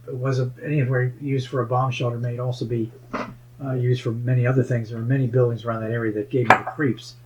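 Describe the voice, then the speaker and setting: A man's voice: mid-range voice, a little hiss or hum. Guy going on about hidden bases, kinda muffled lo-fi sound. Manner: conspiratorial, wandering explanations. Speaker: paranormal investigator, show regular. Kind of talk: casual chat.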